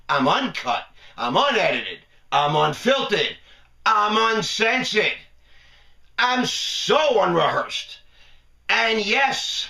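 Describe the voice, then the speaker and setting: A man hosting a live webcast monologue, talking in a playful, jokey way with drawn-out emphasis. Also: sits high, animated, gravelly, bright, forceful tone, echoey room, distant mic. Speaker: host.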